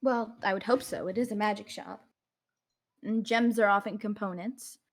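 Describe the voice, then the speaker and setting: A woman's voice: medium pitch, fairly even intonation, normal speed. A woman playing a tabletop game, polite and chatty. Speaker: player.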